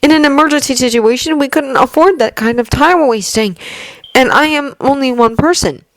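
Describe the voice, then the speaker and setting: A woman voicing a gentle, earnest blind teenage hero boy in a fanfiction reading, speaking softly and thoughtfully. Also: high-pitched, moderate pace, dry recording, voice pushed up.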